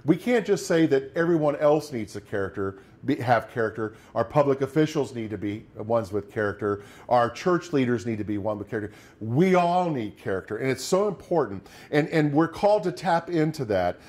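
A man's voice: mid-range voice, lively intonation, normal speed, hardly any pauses, a little mellow. A middle-aged man preaching a sermon as pastor, talking conversationally and acting out quoted lines of despair.

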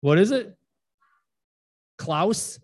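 A man in his forties, a pastor giving a relaxed, chatty sermon and joking with his congregation. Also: high-pitched, extremely slow, slightly rough. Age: 40s. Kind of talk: informal sermon with congregation banter.

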